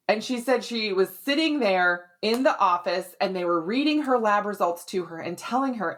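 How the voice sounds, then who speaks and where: A woman podcast host in a casual, explanatory flow, talking at a middling pitch. She keeps checking in with the listener and stays loose and conversational as she walks through how things work. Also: lively intonation, moderate pace, few pauses, a bit bright. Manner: chatty and explanatory, often adds "right?" and "like". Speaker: podcast host, women's hormone health expert.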